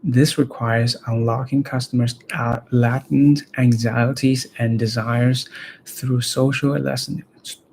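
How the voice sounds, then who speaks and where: Slow, gravelly man practicing reading aloud. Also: medium pitch, flat delivery, a little mellow, a little hiss or hum, poor audio. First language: Chinese. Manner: halting, repeats words and phrases to practice them. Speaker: language learner reading aloud.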